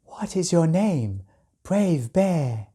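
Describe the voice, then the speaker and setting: A woman voicing a graceful, gentle dragon queen who speaks softly in a storybook reading. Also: lowish voice, big pitch swings, extremely slow, husky, voice pushed up, full character voice. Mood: gracious.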